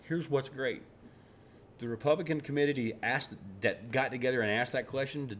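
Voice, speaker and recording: A man's voice: mid-range voice, moderate pace, a bit bright, slight background noise. A man giving casual political commentary in a sarcastic, ranting way, tripping over words and restarting as he goes. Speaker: vlogger.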